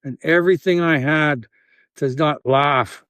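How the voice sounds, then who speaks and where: A Canadian man telling a story in an interview, acting out scenes with sound effects and halting restarts. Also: medium pitch, no echo, clean studio sound. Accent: Canadian English. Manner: animated, acts out scenes with sound effects and quoted voices. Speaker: interview guest, volunteer.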